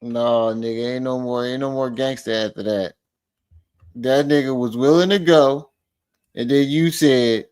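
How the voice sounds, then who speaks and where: A man's voice: mid-range voice, fairly even intonation, a little slow, darkish tone, smooth. Man mocking a livestream clip. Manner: incredulous, mocking, repeats lines back. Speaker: commentator reacting to a livestream clip. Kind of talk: mocking commentary.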